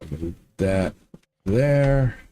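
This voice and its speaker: Speaking very slowly in a deep, dark-toned voice, this man streams a building game with animated delivery. He chats to his audience and to himself, grumbling and repeating lines whenever something goes wrong.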